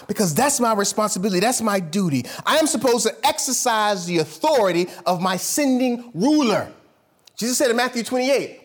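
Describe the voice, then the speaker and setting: A pastor preaching a sermon to his church, swinging from loud, high bursts down to low murmurs.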